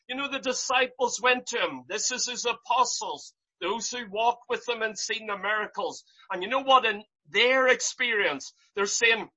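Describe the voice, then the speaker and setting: A preacher delivering an impassioned sermon, piling up rhetorical questions and rising to loud cries. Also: mid-range voice, normal speed, slightly rough, lo-fi sound.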